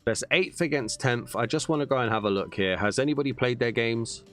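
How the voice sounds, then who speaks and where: Bright-voiced gaming commentator. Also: male voice, medium pitch, a little fast, faint music behind. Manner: animated, bursts into shouts at goals; mutters and grumbles when frustrated. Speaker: gaming YouTuber. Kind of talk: gameplay commentary.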